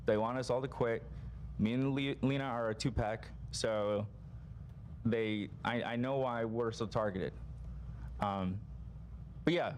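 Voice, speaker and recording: A man's voice: medium pitch, measured pace, long pauses, a little hiss or hum. A man making a sincere, emotional statement on a podcast, profane and hesitant, with frequent ums.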